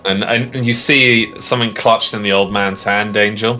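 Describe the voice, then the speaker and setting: Bright-toned man narrating a tabletop game. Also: lowish voice, steady tone, faint music behind. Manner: halting, many fillers and restarts. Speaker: game master.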